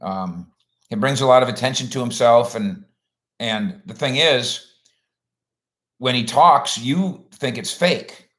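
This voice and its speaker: A man's voice: medium pitch, takes it slowly, pauses often, fairly bright tone. A man hosting a sports livestream in a rambling, folksy way, chatting casually and reading out viewer comments.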